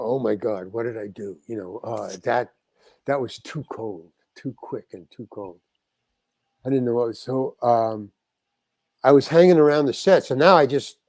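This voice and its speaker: A man's voice: medium pitch, no room sound. An older man, a guest actor, telling a rambling anecdote in an interview, stopping and restarting as he acts out the exchanges he quotes.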